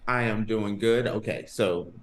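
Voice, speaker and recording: A man's voice: fairly low pitch, measured pace. A man hosting a sports podcast, chatting casually with a co-host, laughing and rambling as he talks. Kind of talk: casual chat. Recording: roomy echo.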